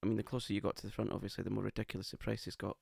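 A man's voice: fairly low pitch, little pitch movement, very fast, vocal fry, darkish tone, breathy edge, dry recording, clean studio sound. A man co-hosting a casual podcast, camp and playfully teasing. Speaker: podcast co-host. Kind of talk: casual chat. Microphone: podcast microphone.

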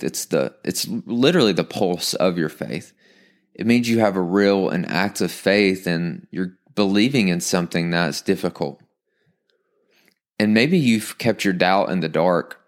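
A man with a low-pitched voice delivers a sermon to his congregation. He keeps it casual and lively, reading a passage aloud and breaking into quick acted asides as he goes. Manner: conversational, animated preaching with quick acted asides. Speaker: pastor.

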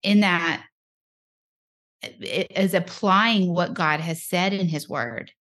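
A woman's voice: lowish voice, slow pace, fairly bright tone. A woman hosting a podcast in casual conversation. She sounds affirming and often breaks in with brief agreements. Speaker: podcast host.

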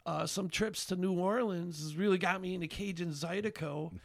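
A high-pitched, gravelly man tells stories on a podcast in a lively, rambling way, stopping and restarting his sentences. His voice is bright and a little raspy at the edges. The sound is dry and close. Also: moderate pace, no room sound. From Albany, New York area. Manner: animated, rambling with many fillers and restarts. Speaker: songwriter and bandleader, podcast guest. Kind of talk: casual chat, storytelling.

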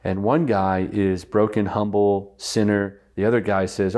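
A man's voice: lowish voice, level tone, unhurried, few pauses, darkish tone. A man speaking as a guest on a podcast, earnestly teaching and repeating phrases for weight.

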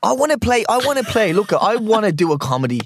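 A man's voice: high voice, big pitch swings, quick pace, gravelly, soft background music. A young man with a Dublin Irish accent, a guest actor in a casual interview, who laughs often and restarts his sentences. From Ireland.

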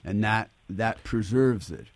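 A man, a chef and cookbook author, chatting as a guest on a radio call-in show, relaxed and modest, thinking aloud. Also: on the low side, takes it slowly, no echo.

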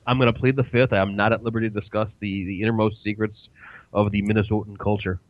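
A man's voice: fairly low pitch, little pitch movement, fast talker, dry recording, dull audio. A man from the United States co-hosting as a guest on a radio show, chatting casually with a wry, easygoing manner. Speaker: guest co-host.

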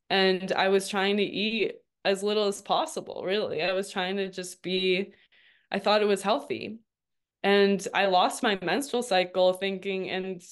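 Woman, thirties, smooth clear voice, mid-pitched, chatty, laughs often, lots of "like", interview guest. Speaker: guest, registered dietitian. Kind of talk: casual interview storytelling.

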